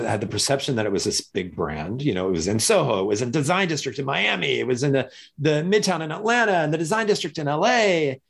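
A man's voice: medium pitch, gravelly. A man from Missouri, a guest in an interview, telling his story in a conversational way and acting out other people's lines in quoted voices. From Missouri, USA.

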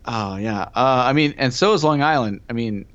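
A man's voice: medium pitch, moderate pace, fairly bright tone, no room sound, highs cut off. A man co-hosting a podcast, rambling and joking in casual chat. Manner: rambling, joking, lots of "like" fillers. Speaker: podcast co-host.

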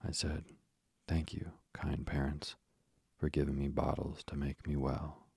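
A man's voice: rumbling low, little pitch movement, unhurried, gravelly, a little mellow, slightly rough, dry recording, studio quality, heavily acted. A man reading aloud, voicing a proud, pompous middle-aged father who blusters and pities himself. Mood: blustering. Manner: blustering, self-pitying.

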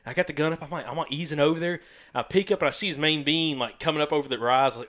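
A young man telling a hunting story in a casual podcast chat, animated and excitable, peppering his talk with "dude" and "freaking.". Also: on the high side, very fast, dry recording.

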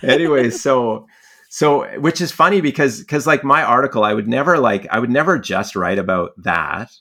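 A man's voice: medium pitch, expressive, normal speed, pushed and bright. A young man telling stories casually in a conversation, rambling with many filler words and frequent laughs. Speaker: guest, fly angler and magazine writer.

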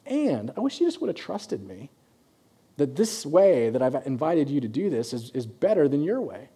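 Conversational pastor, a man with a mellow voice. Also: a little high, big pitch swings, normal speed, slightly rough. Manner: conversational, acts out quoted voices. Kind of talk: sermon.

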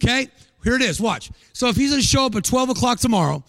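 A middle-aged man preaching a guest sermon with energy, in a sing-song cadence and shouted peaks. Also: very high voice, lively intonation, fast talker, no room sound.

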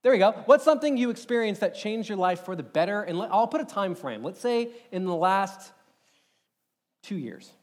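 A young man telling a personal story in a sermon, animated and rambling, with many filler words. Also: sits high, moderate pace. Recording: long hall reverb.

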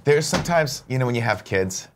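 A man's voice: medium pitch, brisk, a little hiss or hum. A man co-hosting a comedy morning show, joking and telling stories in casual chat. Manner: joking, teasing, animated storytelling. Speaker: co-host.

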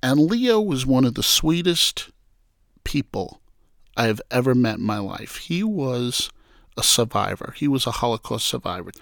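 Man from New York, gravelly lively storyteller, dry close sound. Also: medium pitch, moderate pace, no room sound. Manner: animated storyteller who acts out quoted voices. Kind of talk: casual storytelling interview.

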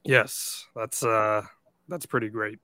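A man co-hosting a podcast, asking questions quickly and reacting with enthusiasm. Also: lowish voice, steady tone, pushed and bright, clear, resonant tone, dry recording. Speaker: podcast co-host. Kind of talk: casual interview chat.

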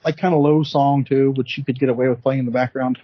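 Fast-talking husky man chiming in. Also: mid-range voice, level tone, no room sound. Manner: quick, chiming in with trivia and quips. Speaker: podcast co-host. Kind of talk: casual wrestling recap chat. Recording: dull lo-fi sound.

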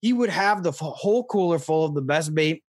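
A young man from Missouri telling stories in a casual interview, rambling and excitable with many fillers. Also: on the high side, fairly quick, dry recording, studio quality. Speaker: podcast guest, fishing show host.

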